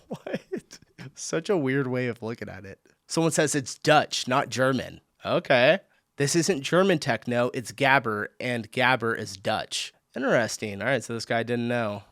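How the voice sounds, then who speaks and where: An American man hosts a reaction video in a loose, chatty way. He thinks aloud as he goes and breaks into easy laughs, and his voice sits at a middle pitch. The sound is dry and close, with no room echo. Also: expressive, measured pace, a bit bright. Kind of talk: casual reaction commentary.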